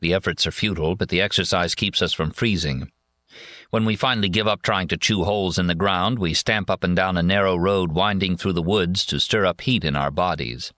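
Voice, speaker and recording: A man narrating a first-person war memoir in a measured, plain reading voice. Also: deep voice, fairly bright tone, dry recording, studio quality. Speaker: audiobook narrator.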